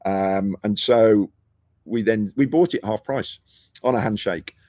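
Man, middle-aged, from the UK, low husky voice, dry close sound, animated storytelling. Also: measured pace, no room sound. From United Kingdom. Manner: lively anecdotes, acting out quoted dialogue. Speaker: guest, property investor. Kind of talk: casual interview storytelling. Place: rooftop terrace outdoors.

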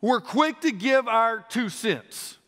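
A man with a Southern US accent preaching a sermon as pastor, emphatic and repeating phrases for stress, swinging between loud and quiet. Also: very high voice, lively intonation, slow, faint music behind. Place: church. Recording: long reverb of a church hall.

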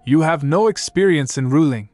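A man's voice: on the high side, lively intonation, moderate pace, a little mellow, soft background music, voice pushed up, close to an everyday voice. A man voicing a groveling, scheming young king who pleads and pushes. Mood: coaxing. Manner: pleading, whiny, pushy.

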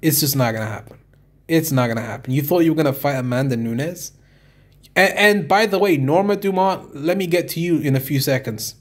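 A fairly high-voiced man in a heated rant, swearing often and circling back to the same complaints. He sounds fed up and keeps hammering his points. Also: brisk. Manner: exasperated, swearing, repetitive. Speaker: fight reviewer. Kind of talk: profane rant review.

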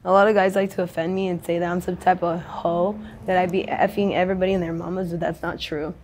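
A woman's voice: lowish voice, flat delivery, fast, a little mellow, a little hiss or hum. A young adult woman in a casual street interview, talking in a rambling, slangy, profane way.

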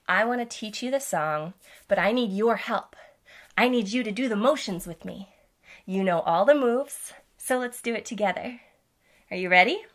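A woman hosting a children's music lesson, speaking to toddlers in a gentle, playful way. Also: mid-range voice. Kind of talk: teaching toddlers with songs.

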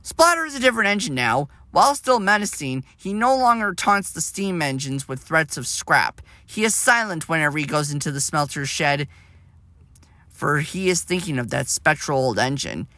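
A man narrating a storybook tale in a plain, steady reading voice with small slips. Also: fairly high pitch, moderate pace, dry recording.

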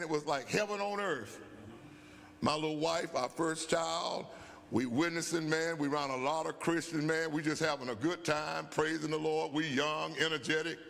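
An older man, a bishop, tells an animated story with a rough, gravelly edge and a somewhat high pitch. His talk is folksy and loose, full of asides. Long church-hall reverb trails after him. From USA. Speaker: bishop teaching Bible study. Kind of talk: storytelling sermon. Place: church sanctuary.

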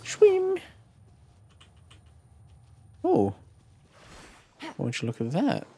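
Lively, profane male game streamer. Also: mid-range voice, measured pace. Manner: excitable and profane, with playful shouted exclamations. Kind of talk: casual live gameplay commentary. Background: faint game music.

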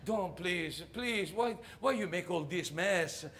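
A man's voice: high-pitched, takes it slowly, a bit bright, a little hiss or hum. A man playing a greedy, grumpy cemetery caretaker who scolds and shoos people away in a comic monologue. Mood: scolding.

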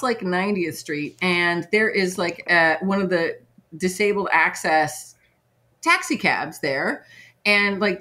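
A middle-aged woman host telling a story in casual chat, animated and laughing, with many fillers. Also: medium pitch. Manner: animated, laughing, lots of "like" and "right?". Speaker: podcast host.

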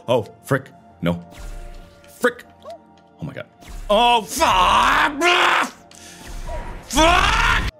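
A young man giving let's play commentary while he rages, swinging from low mutters to loud frustrated yelling. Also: wildly swooping pitch, very slow, gravelly, pauses often, faint music behind. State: frustrated and raging. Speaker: gaming video creator.

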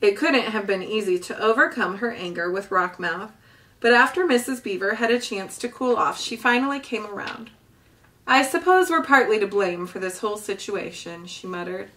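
A woman reading a children's novel aloud with gentle, expressive storytelling. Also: mid-range voice, distant mic. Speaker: storybook reader.

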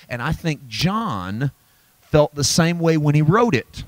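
A middle-aged man preaching a sermon in a church, swinging from shouted, high-pitched peaks to low, quiet reflection. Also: big pitch swings, slow, no room sound. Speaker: pastor.

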